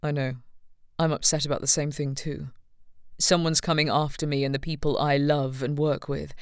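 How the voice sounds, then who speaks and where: A woman narrator voicing a protective young man of royal birth, speaking quietly, low and earnest. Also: flat delivery, normal speed, clear, resonant tone, no echo, clean studio sound. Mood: tender. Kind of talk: audiobook character reading.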